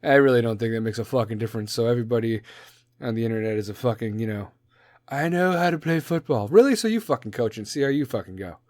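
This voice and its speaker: A man's voice: mid-range voice, animated, very fast, darkish tone, no echo, clean studio sound. A man in his forties with a Chicago accent, hosting a podcast in a profane, rambling, jokey rant. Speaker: podcast host. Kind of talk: casual rant.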